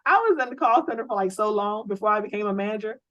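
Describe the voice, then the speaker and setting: An energetic woman leads a sales training from her home office over a video call. Her voice sits at a middle pitch and comes through close and dry. She coaches with a preachy, rallying push and keeps asking her listeners rhetorical questions. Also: fast, dry recording, lo-fi sound.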